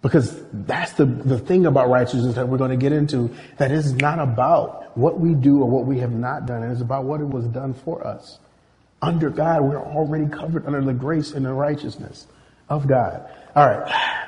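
A man's voice: mid-range voice, moderate pace, a little mellow, in a large hall. A man preaching a sermon, telling stories animatedly and acting out quoted voices. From Nigeria.

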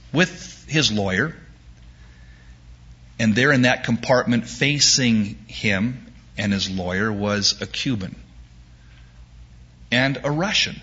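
A middle-aged preacher delivers a folksy, joke-filled sermon at an unhurried pace. His voice is bright but husky. The recording is dull and lo-fi. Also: mid-range voice. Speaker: pastor.

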